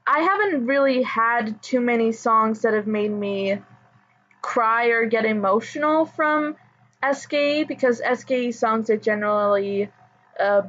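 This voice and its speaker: A woman chatting casually as a pop music fan, rambling with fillers and soft laughs. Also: fairly high pitch. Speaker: idol fan commentator. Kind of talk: casual chat. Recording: dull lo-fi audio.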